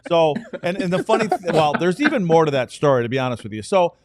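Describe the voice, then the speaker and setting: A man's voice: a little high, very animated, quick pace, a little mellow, dry recording, clean studio sound. A man in his sixties, a podcast co-host and former player, telling rambling, self-deprecating stories in casual talk. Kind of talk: casual storytelling.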